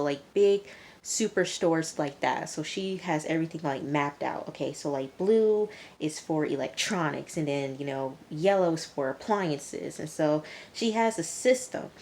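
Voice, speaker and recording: A young woman casually recapping a TV episode, with a chatty delivery full of "um" and "you know". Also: low-pitched. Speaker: TV reviewer.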